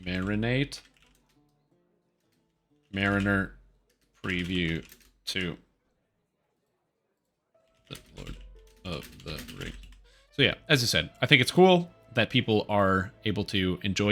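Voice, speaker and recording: A man's voice: sits low, expressive, fairly quick, fairly bright tone, faint music behind. A man streaming a video game, chatting casually in a rambling, offhand and opinionated way. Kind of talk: casual live-stream commentary.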